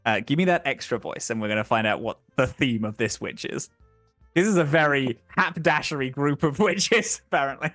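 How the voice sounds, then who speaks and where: A man narrates as game master, rambling through scenes with "um" and "like" and quick laughs. His voice sits mid-range, dry and close on the mic, with faint music underneath. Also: mid-range voice, lively intonation, fairly bright tone, no echo. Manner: rambling, lots of fillers, laughing asides.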